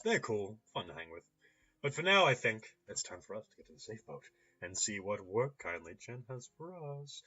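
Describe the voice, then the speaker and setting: A man's voice: fairly low pitch, big pitch swings, moderate pace, sharp tone, slightly rough. A man playing a story game, reading its descriptive text aloud with upbeat asides. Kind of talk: game playthrough narration. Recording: slightly dull lo-fi recording with faint noise.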